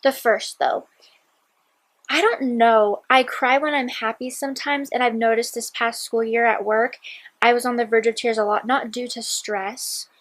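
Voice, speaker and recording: A woman's voice: fairly high pitch, fairly even intonation, normal speed, fairly bright tone, poor audio. A woman in her twenties talking casually in a personal diary vlog, rambling and candid, sometimes dropping to a whisper. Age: 20s. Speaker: vlogger.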